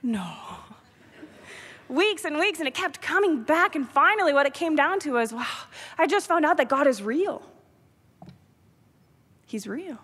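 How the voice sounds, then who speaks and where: A woman from New York delivers a devotional address with a bright, high voice. Her storytelling is emotional, rising to loud pleading and dropping to near-whispers. The sound carries a long reverb from a large theater. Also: expressive, a little slow, pauses often. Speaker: public speaker.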